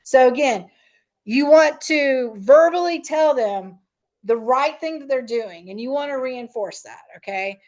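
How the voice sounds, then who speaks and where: Middle-aged woman, parent trainer at a recorded meeting, higher pitch, relaxed conversational delivery with fillers. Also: unhurried. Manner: conversational, frequent "right?" and "um".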